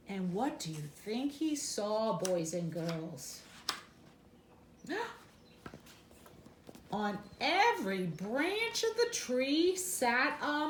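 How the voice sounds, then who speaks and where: A woman reads a children's storybook aloud, very slowly and with a lively, sing-song voice. She is high-pitched and speaks straight to young listeners. The room is echoey, with faint noise behind her. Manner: expressive, sing-song, gasps for effect. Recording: roomy echo, faint background noise.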